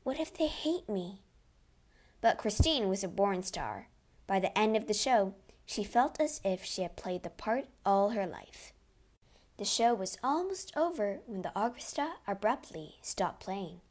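A woman narrating a children's storybook aloud in an expressive, dramatic way. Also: medium pitch, a little slow.

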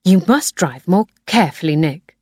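Reproachful young woman, read by a woman in a storybook, low and dry. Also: lively intonation, moderate pace, mellow, breathy edge, dry recording. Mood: angry. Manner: clipped, reproachful.

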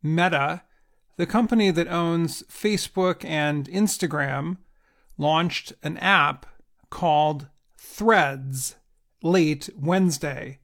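A man reads a news report aloud in a measured, scripted way meant for learners. His voice sits high and carries a gravelly edge. He takes his time over every phrase. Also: a bit bright. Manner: deliberate, evenly paced delivery. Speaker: news reader.

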